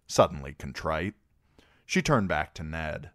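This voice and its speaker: A man narrating a novel as an amateur audiobook reader, expressive and animated. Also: very deep voice, unhurried, no room sound, studio quality. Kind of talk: storybook narration.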